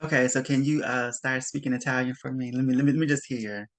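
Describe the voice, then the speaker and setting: A man's voice: medium pitch, steady tone, fast. A man hosting a podcast, joking in casual chat and reading the show outro, laughing often. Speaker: podcast host.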